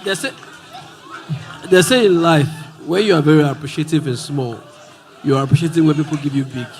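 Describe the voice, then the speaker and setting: A man's voice: fairly high pitch, brisk, soft background music, a faint crowd. A man at a live event announcing a donation, quoting a saying about gratitude.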